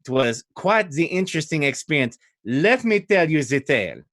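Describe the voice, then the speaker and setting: A man's voice: on the high side, sing-song, moderate pace, a bit bright, voice pushed up. A man doing a gushing French-accented knight lady. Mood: reminiscing. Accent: French-style fantasy accent. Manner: chatty, polite, gushing. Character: cheerful French-accented woman knight cook.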